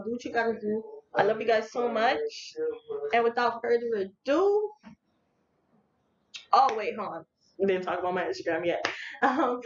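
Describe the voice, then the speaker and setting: A young woman vlogger telling a story in casual, slangy speech, animated and laughing along as she talks. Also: on the high side. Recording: echoey room, dull lo-fi audio, faint noise.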